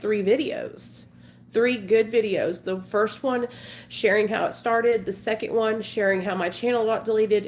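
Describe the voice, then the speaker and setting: A woman's voice: medium pitch, slight background noise. A woman in her forties talking candidly to her viewers in an emotional, rambling confessional vlog. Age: 40s. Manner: emotional, earnest, rambling with fillers. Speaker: vlogger.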